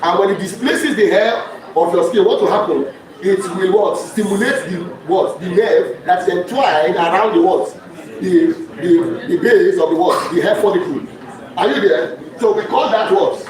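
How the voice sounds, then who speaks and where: A high-pitched male lecturer quizzes his class with one question after another, checking often that they are following. He sounds far from the mic in a large, very echoey hall, and crowd noise is heard around him. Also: moderate pace. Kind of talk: call-and-response lecture.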